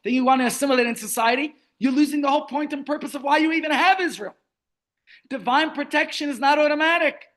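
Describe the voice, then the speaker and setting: A man's voice: very high-pitched, fast talker. A man teaching a Torah class over a video call, telling stories and asking rhetorical questions. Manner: storytelling, rhetorical questions, animated. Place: online meeting.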